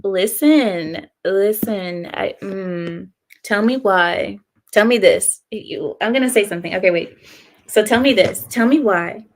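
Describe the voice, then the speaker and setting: A woman's voice: medium pitch, a little slow. Opinionated woman streamer, laughing often. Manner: opinionated, laughs often while reading comments. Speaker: live-stream host reading chat. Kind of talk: casual live-stream chat.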